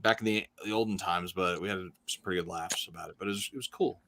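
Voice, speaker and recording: A man co-hosting a casual comic livestream, joking and excitable, swearing freely. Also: low voice, quick pace, dry recording, clean studio sound. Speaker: comic podcast co-host.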